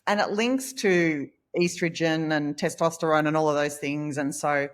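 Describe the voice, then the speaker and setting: Guest: woman, communication trainer, lower voice, animated storyteller who acts out quotes. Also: moderate pace. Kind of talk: conversational interview.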